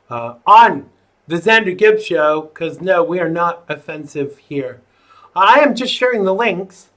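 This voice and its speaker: A man's voice: medium pitch, a bit bright. A man hosting a live online talk show, rambling and joking with viewers between chatty asides. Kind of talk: casual livestream chat.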